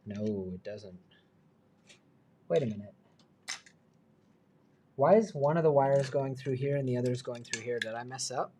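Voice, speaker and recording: A man's voice: medium pitch, a little slow, long pauses, warm tone, a little hiss or hum. A man hosting a livestream, thinking aloud as he works and making self-deprecating asides in a chatty way. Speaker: livestream host. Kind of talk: live build stream, thinking aloud.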